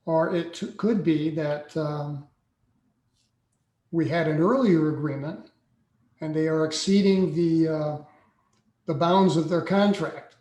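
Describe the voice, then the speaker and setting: A man in his sixties, a podcast guest telling a personal story slowly and deliberately, with frequent pauses. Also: fairly high pitch, dark tone. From United States. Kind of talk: personal account in a podcast interview. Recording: echoey room sound.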